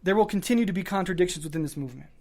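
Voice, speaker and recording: A man's voice: high-pitched, very fast, a little mellow. A man hosting a podcast who delivers a fiery political monologue full of swearing and stacked short clauses. He is worked up and short on sleep. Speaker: podcast host.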